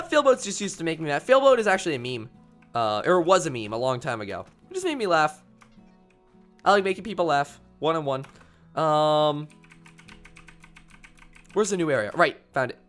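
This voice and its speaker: A man's voice: on the high side, big pitch swings, normal speed, long pauses, fairly bright tone, faint music behind. A young man streaming a video game, rambling playfully and reading viewers' messages aloud. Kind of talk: casual gameplay commentary.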